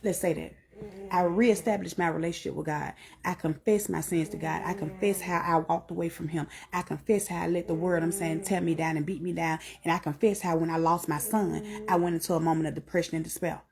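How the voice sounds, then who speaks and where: A middle-aged woman giving an earnest spoken testimony, repeating herself and climbing to high emphatic peaks. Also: fairly even intonation, fairly quick, creaky, crowd noise.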